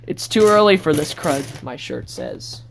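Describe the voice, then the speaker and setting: A woman vlogger giving a casual, rambling tour of her sketchbook, breaking into sudden excited outbursts. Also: deep voice, measured pace, vocal fry, a little hiss or hum.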